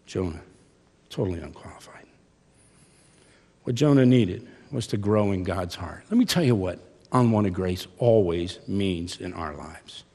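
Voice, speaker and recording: Slow, dramatic older preacher in a hall. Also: male voice, low voice, animated. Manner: dramatic shifts from hushed to loud. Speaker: seminary professor. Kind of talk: chapel sermon. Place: large chapel hall. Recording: long reverb of a large hall.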